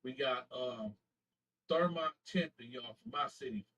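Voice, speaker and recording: Bright, husky man from Flint. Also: mid-range voice, distant mic, low-quality recording. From Flint, Michigan. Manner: slangy, halting name reading with self-corrections. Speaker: YouTube channel host. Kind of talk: casual live shout-outs to viewers.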